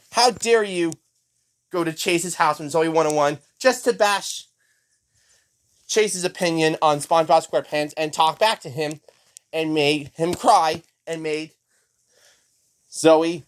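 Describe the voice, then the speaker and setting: A man's voice: on the high side, natural voice. A young man voicing a furious mother who lectures and scolds her son.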